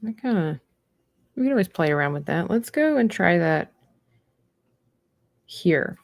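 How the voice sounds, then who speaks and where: A woman's voice: lowish voice, sing-song, unhurried, creaky, no room sound, clean studio sound. A woman chatting casually as she paints on a livestream, rambling and trailing off mid-thought. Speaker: livestreaming artist. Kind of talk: casual chat while painting.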